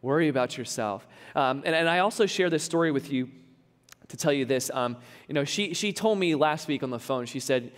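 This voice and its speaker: A man's voice: a little high, a little fast, big-room sound. A man preaching a sermon as pastor, talking conversationally and adding humorous asides. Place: large church hall.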